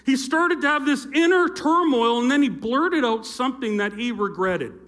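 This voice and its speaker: High-voiced youth pastor telling a story. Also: male voice, animated, normal speed, a bit bright. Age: middle-aged. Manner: playful asides to the audience. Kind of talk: sermon storytelling. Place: church stage with a live audience. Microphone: handheld or stage mic with feedback.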